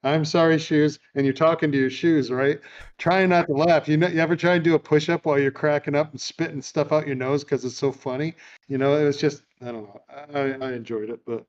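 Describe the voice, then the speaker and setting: A man's voice: on the high side, fairly even intonation, brisk, dull audio. A man hosting a podcast, telling amused stories in a casual chat and retelling a film. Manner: chatty, amused storyteller. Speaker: podcast host.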